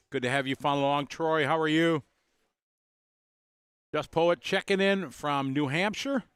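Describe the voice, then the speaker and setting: A man's voice: fairly high pitch, normal speed, pauses often, a bit bright, clean tone, no room sound. Chatty man giving live race commentary. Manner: chatty, greets viewers, laughs easily. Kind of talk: casual live stream commentary.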